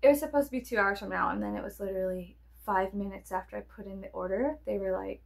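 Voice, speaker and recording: Gravelly-voiced woman rambling playfully to camera. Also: medium pitch, quick pace. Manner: playful, swears often, jumps between whispers and sudden squeals. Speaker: vlogger. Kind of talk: rambling casual chat to camera.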